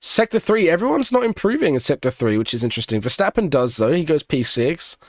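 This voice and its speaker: Young male streamer, casual race commentary, slightly high voice, dry close sound. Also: sing-song, quick pace, dry recording. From Australia. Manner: chatty, banters with chat between race calls. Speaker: streamer doing live watch-along commentary.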